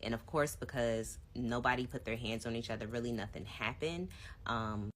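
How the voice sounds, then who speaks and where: A woman with a notably low, deep voice tells her own story in a relaxed storytime vlog. She chats directly to her viewers. Her delivery is casual and conversational. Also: normal speed, a little hiss or hum. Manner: chatty, addresses viewers directly.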